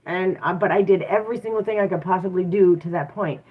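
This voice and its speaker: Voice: medium pitch, fast, breathy edge. Candid tarot reader on a tinny line. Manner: candid, conversational, often asks "right?". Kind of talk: casual live-stream talk. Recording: tinny phone-like sound.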